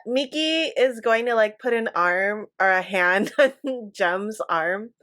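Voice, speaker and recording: A woman playing a tabletop game, excitable and laughing often. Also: mid-range voice, takes it slowly, no echo, clean studio sound. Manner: animated, laughs a lot, excitable. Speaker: player. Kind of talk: casual tabletop play.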